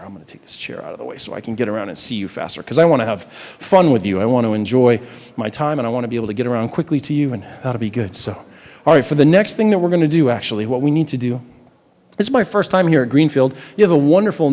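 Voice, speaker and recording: A man's voice: medium pitch, darkish tone. A man from New Hampshire working as a stage hypnotist, chatting with volunteers in loose, rambling patter full of restarts, recorded live in a large campus hall. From New Hampshire, USA. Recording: live hall with long reverb.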